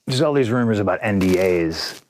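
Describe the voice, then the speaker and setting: A man's voice: fairly low pitch, lively intonation, a little fast, darkish tone, slight background noise. A man in a candid interview, recounting events in a rambling, profane way, often restarting and quoting others. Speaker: interview guest, wrestler.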